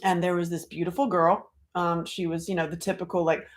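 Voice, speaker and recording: A middle-aged woman from North Carolina, an author talking casually on a livestream, chatty and animated, acting out quoted voices. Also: mid-range voice, moderate pace, few pauses. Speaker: author and speaker.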